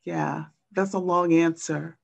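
A woman poet speaking slowly over a video call, her voice edged with a gravelly creak. She talks in a halting, thoughtful way, pausing often and filling gaps as she tells her stories. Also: low-pitched, fairly even intonation. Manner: slow, halting and thoughtful, with many pauses and fillers. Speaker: poet and teacher. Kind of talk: reflective storytelling in a virtual book talk.

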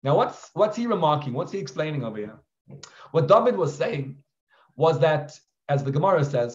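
A rabbi tells a scripture story to his class in a lively, animated way, slipping Hebrew phrases in among his English. His voice sits a little high for a man. The recording is roomy and a touch dull. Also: normal speed. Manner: animated retelling with Hebrew terms.

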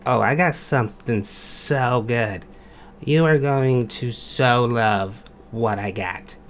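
A man's voice: medium pitch, slow, a little hiss or hum. A man voicing an overconfident male animal contestant who rambles and stalls. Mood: smug. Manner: smug, rambling.

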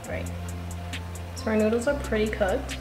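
A woman dietitian chatting casually through a home cooking vlog, self-deprecating and quick to laugh. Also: on the high side, fairly even intonation, echoey room, over music. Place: home kitchen.

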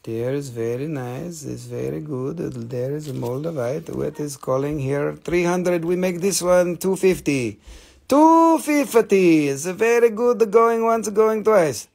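A man hosts a live stream selling stones, joking and teasing his viewers as he calls out prices, with slightly broken phrasing. His fairly high voice is expressive, unhurried and a little mellow, with vocal fry.

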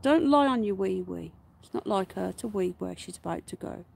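A woman hosting a casual livestream, unwell with her voice going, chatting to viewers and cooing at her pets in a high, slow baby voice. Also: expressive, creaky, a little mellow, husky. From United Kingdom. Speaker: livestream host. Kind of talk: casual live-stream chat. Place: garden outdoors.

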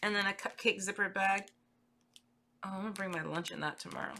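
A woman hosting a crafting channel, chatting casually and gushing excitedly as she unboxes gifts at her desk. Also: mid-range voice, a little fast. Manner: gushing, excitable, squeals over cute items. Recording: clear background noise, paper crinkling.

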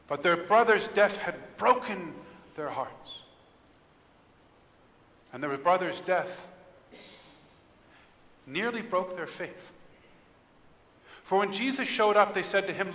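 Impassioned high-voiced pastor in reverberant church. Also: male voice, animated, takes it slowly, pauses often. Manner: impassioned, swinging between hushed and loud delivery. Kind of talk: sermon. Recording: long church-hall reverb.

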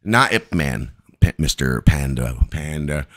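A man's voice: rumbling low, lively intonation, a little slow, a bit bright. A man hosting a live stream, telling a long, rambling story full of profanity.

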